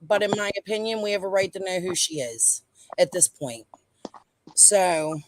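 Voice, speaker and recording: A woman's voice: on the low side, lively intonation, normal speed. A woman, a guest on a livestream, talking in a tired, subdued way that trails off. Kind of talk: casual livestream chat.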